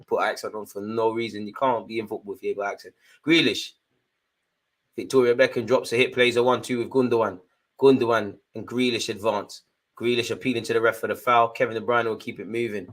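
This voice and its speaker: A young man hosting a live football watchalong, giving chatty, jokey running commentary full of slang, jumping between excited outbursts and low muttered asides. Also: fairly quick. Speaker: fan watchalong host.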